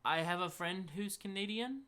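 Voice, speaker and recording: High, bright-voiced man, blunt and dry. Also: normal speed, clear, resonant tone. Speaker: co-host of a live chat. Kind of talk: casual live-stream chat.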